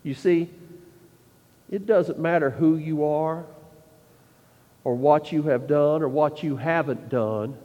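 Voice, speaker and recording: A man preaching a sermon, emphatic and full of rhetorical questions, often dropping to a quiet, intense tone. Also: fairly high pitch, takes it slowly, long pauses, long reverb tail, lo-fi sound.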